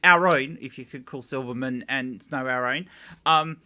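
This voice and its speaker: A man's voice: mid-range voice, moderate pace, pushed and bright. A man hosting a casual panel chat, rambling with many restarts and fillers. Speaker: host.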